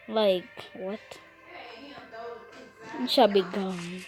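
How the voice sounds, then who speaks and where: A woman's voice: medium pitch, expressive, takes it slowly, pauses often, soft background music, low-quality recording. Playful woman chatting over a game. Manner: playful, chatty, talks to the game characters and makes puns. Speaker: gamer. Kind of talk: casual game commentary.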